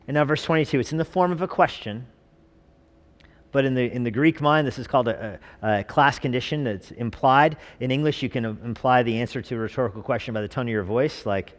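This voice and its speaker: Male pastor, conversational sermon style with rhetorical questions; medium pitch, long church reverb. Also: brisk.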